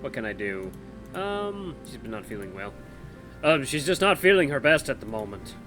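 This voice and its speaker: Expressive man narrating a story game. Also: mid-range voice, normal speed, soft background music. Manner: expressive, thinking aloud. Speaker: gameplay narrator. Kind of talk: reading and playing a story game.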